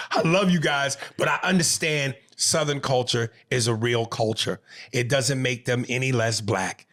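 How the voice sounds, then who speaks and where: A man's voice: mid-range voice, a bit bright. A man from New York City with a New York accent, co-hosting a podcast in casual, profane, emphatic chat with frequent restarts. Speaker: podcast co-host.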